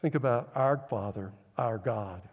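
A man preaching a sermon as pastor, talking in a conversational, animated storytelling way with humor, stumbling into restarts when he gets excited. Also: mid-range voice, measured pace, big-room sound.

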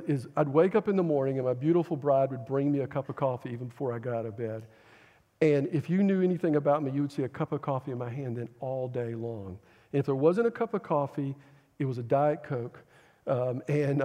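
Man preaching in a reverberant church. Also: medium pitch. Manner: conversational, animated storytelling with humor. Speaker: pastor. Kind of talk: sermon.

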